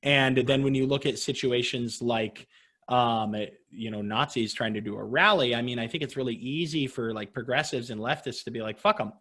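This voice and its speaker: A man's voice: mid-range voice, normal speed, fairly bright tone. A young man co-hosting a political podcast, talking casually with easy laughs and frequent restarts. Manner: conversational, laughs easily, frequent restarts and fillers. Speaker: podcast co-host.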